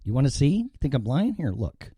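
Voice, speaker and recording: A man's voice: mid-range voice, sing-song, moderate pace, dark tone, slightly rough, no room sound. A man hosting a live opinionated talk show from an indoor studio, rambling and swearing freely. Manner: profane, rambling and ranting.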